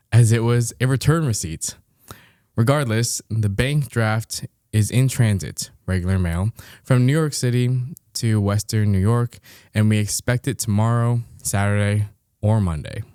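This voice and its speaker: A young man co-hosting a podcast narrates a listener's story, laughing frequently and offering dry, amused commentary. His lowish voice is a little mellow, clear, and resonant, with no echo.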